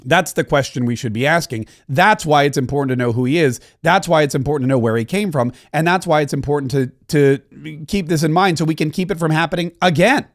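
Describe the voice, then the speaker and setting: Male commentary host, high-pitched, sarcastic and emphatic delivery. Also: brisk, few pauses, no room sound, clean studio sound. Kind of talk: opinionated commentary.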